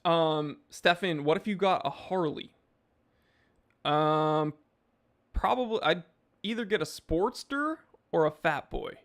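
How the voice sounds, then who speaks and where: A man's voice: fairly high pitch, takes it slowly, long pauses, fairly bright tone. A man hosting a live stream, reading chat messages and answering in a laid-back, rambling way with lots of fillers.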